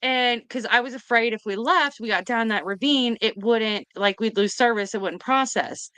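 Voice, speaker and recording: A woman, hosting a casual chat and retelling a story in an excited, rambling way. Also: a little high, normal speed, smooth, dry recording. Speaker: host.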